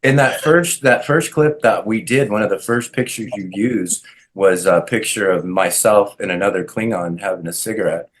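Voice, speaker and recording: A man's voice: fairly low pitch, moderate pace, a little hiss or hum. A man, an actor guest, telling casual anecdotes animatedly and acting out the voices he quotes.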